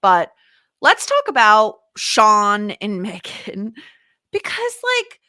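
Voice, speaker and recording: A woman co-hosting a podcast in casual chat, animated and exasperated, full of fillers and swearing. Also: medium pitch, slow pace, no room sound, studio quality. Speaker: podcast co-host.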